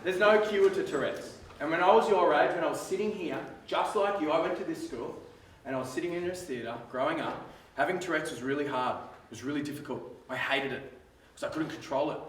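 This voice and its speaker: An Australian man in his twenties speaks to a school audience, jokey and animated, stretching out words for effect. His slightly raised voice sits far from the mic, and it rings around a big echoey theatre with faint room noise behind. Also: fairly high pitch. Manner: lively, joking, drawn-out emphasis. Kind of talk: live talk to students.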